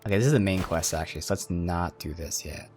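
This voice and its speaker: A man with a Philadelphia accent chats his way through a game in a very low, easygoing voice, swearing offhand. Faint music sits under his talk. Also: fast, a little mellow. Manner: chatty, offhand, swears casually. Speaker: gameplay commentator. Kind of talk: casual let's-play commentary.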